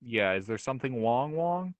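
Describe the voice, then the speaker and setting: A man's voice: mid-range voice, lively intonation, moderate pace, dry recording, muffled recording. A man running a tabletop game as dungeon master, casual and laughing as he describes scenes.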